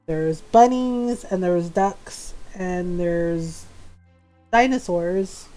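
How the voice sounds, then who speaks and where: A woman's voice: mid-range voice, mellow. A woman streaming a farming game, chatting casually and rambling with lots of ums and self-deprecating asides. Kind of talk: casual let's-play chat.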